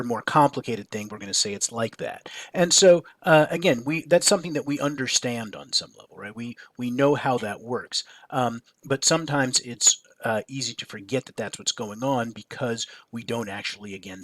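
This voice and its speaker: A male teacher talking through a lesson at an even, mid-range pitch. He hesitates a lot, fills pauses, restarts phrases and keeps checking "right?". The sound is dry and close, with no room around it. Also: no room sound. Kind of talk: recorded classroom lecture.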